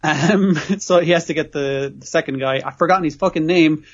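A man's voice: fairly high pitch, moderate pace, muffled recording. A man co-hosting a podcast, rambling through an episode recap with constant swearing and frequent laughs. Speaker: podcast co-host. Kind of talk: casual chat recapping an episode.

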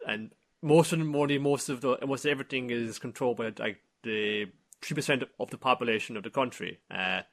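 A man in casual chat, rambling and halting as he explains some history. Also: mid-range voice, creaky. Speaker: podcast co-host.

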